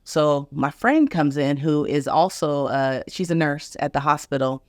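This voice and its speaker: A woman's voice: deep voice, animated, measured pace, darkish tone, no room sound, clean studio sound. Earnest middle-aged woman telling a vivid story. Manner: vivid, emphatic retelling, acting out each voice; earnest, openly emotional. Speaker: physician podcast host. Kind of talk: personal storytelling on a podcast.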